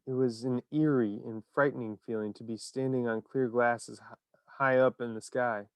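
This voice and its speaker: A man narrating a children's story in an expressive, animated reading. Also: mid-range voice, normal speed, clear, resonant tone, dry recording.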